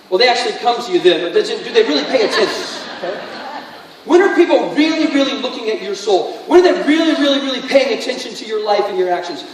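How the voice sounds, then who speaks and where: A man preaching a sermon as pastor, swinging from loud bursts down to near-whispers. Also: high voice, a little hiss or hum. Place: church sanctuary. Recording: echoey church hall from far off.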